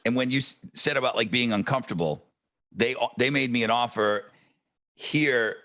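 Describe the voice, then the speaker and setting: This man, a radio host and podcast co-host, is an animated storyteller who curses a lot during laid-back conversation. He talks at normal speed with a medium-pitched voice.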